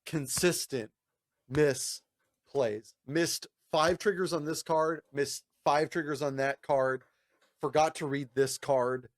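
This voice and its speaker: A man's voice: slow, no room sound, clean studio sound. A man telling a long story in casual chat, swearing, laughing and mimicking others. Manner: animated, profane, laughing, mimics people in high voices. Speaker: podcast co-host.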